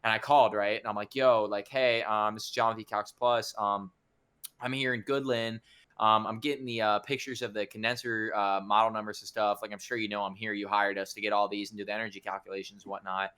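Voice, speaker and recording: A young man telling a story in a casual podcast chat, animated and swearing a lot as he acts out the people in it. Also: lowish voice, a little fast, clear, resonant tone.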